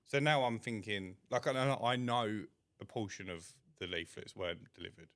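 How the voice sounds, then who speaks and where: A man speaks in a very deep, gravelly voice. He chats bluntly on a podcast and swears casually as he talks business. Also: normal speed, fairly bright tone. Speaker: podcast co-host, window cleaner. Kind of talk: casual chat.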